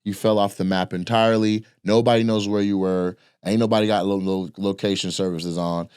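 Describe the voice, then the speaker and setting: A man's voice: lowish voice, little pitch movement, fairly quick, darkish tone, clean tone, dry recording, studio quality. A man, a comedian, delivering a heated, profane, repetitive rant as comedic commentary.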